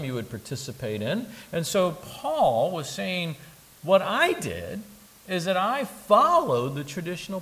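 A man preaching a sermon, animated, dropping to soft asides and rising to loud emphatic bursts, with humorous asides. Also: medium pitch, slight background noise, low-quality recording. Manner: humorous asides and joking impressions. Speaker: pastor.

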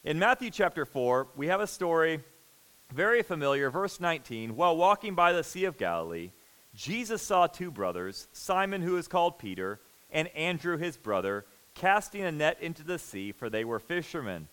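A man preaching a sermon, earnest and emphatic, moving between loud stress and hushed intensity. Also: fairly high pitch, very animated, normal speed, clear, resonant tone, rough recording. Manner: earnest, emphatic, repeats words when stressing a point.

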